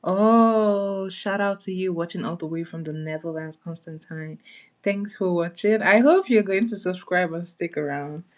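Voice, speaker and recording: A woman's voice: lowish voice, moderate pace. A woman hosting a casual makeup livestream, chatting with viewers and greeting them by name as she applies products. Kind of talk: casual live-stream chat.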